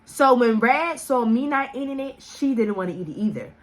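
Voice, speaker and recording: A woman telling a casual story as a vlogger, animated and profane, laughing often and acting out the voices she quotes. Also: normal speed. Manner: acts out quoted voices with big pitch jumps.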